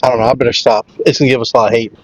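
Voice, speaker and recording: A man's voice: mid-range voice, fairly even intonation, rapid-fire, no echo. A man in casual chat as a podcast co-host, opinionated and hedging, repeating himself as he vents. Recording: dry, slightly muffled lo-fi audio.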